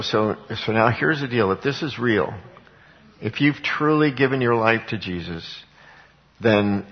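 A man's voice: mid-range voice, vocal fry, lo-fi sound. A man teaching from the Bible in an informal, emphatic way, asking rhetorical questions and answering them himself. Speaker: street evangelist and Bible teacher.

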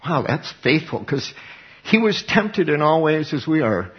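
A man's voice: fairly high pitch, very animated, measured pace. Earnest, folksy man preaching. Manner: earnest, folksy, rising to emphatic bursts, restarts and soft laughs. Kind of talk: conversational sermon. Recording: slightly dull lo-fi recording.

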